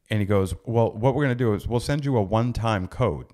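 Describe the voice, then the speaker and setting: Low-voiced man telling a podcast story. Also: lively intonation, a little fast, few pauses, a little mellow. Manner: conversational, with frequent fillers and self-corrections. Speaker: podcast host.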